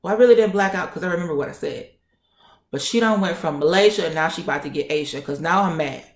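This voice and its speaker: A young woman vlogger telling a story in a sassy, animated way and acting out the people in it. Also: on the low side, quick pace, echoey room. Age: young adult. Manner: sassy, acts out quoted voices.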